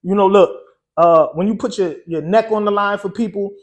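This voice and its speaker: A man's voice: high voice, moderate pace. A man, a guest DJ, telling a story in a loose, conversational way, often saying "you know" and "um". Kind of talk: casual storytelling.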